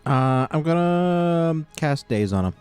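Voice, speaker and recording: A man's voice: on the high side, animated, a little slow, a little mellow, clean tone, soft background music. A man playing a tabletop game, methodically working through spell rules. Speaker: player.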